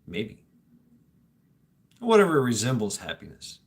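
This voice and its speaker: Man, casual livestream host, rambling and stammering, jokey, swears, average pitch. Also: wildly swooping pitch, a little slow. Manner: stammering, repeats words, laughs often; reflective, joking, swears casually. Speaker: livestream host reading chat comments.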